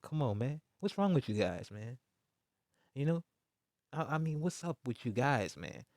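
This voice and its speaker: Sing-song and darkish in tone, a mid-range male voice at normal speed delivers a heated, casual sports rant in studio quality with no room sound. The vlogger is mocking and insistent, repeating points emphatically with slang, jabs and a steady stream of "man."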